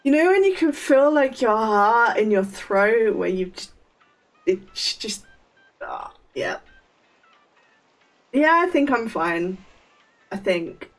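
A woman's voice: fairly high pitch, very animated, slow, long pauses, far from the mic, faint music behind. A woman chatting casually on a game live stream, rambling with stammered restarts and frequent laughs.

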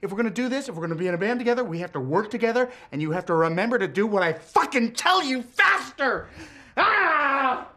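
A profane, bossy rock singer. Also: male voice, very high voice, very animated, a little fast, exaggerated voice. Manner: profane, impatient, bursts into shouting and singing. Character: brash, bossy young male rock musician. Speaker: band leader. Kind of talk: improvised film comedy. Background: loud guitar playing.

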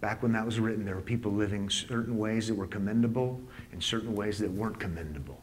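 A man preaching a live conference sermon in a church, emphatic, with punchy repeated lines and rhetorical questions, swinging between hushed asides and loud exclaims. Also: lowish voice, fast, a little hiss or hum. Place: church sanctuary before a live audience.

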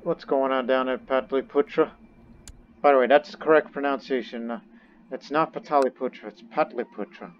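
A man's voice: mid-range voice, steady tone, normal speed, dull audio, slight background noise. A man giving casual gameplay commentary as a let's play host, chatting to the characters on screen. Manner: chatty, talks to game characters.

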